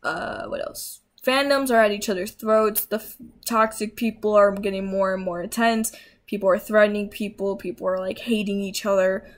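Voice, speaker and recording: A woman's voice: medium pitch, steady tone, normal speed. Rambling, tired young woman ranting. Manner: rambling, with fillers and self-corrections. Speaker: YouTuber ranting. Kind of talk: casual unscripted rant. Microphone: laptop mic.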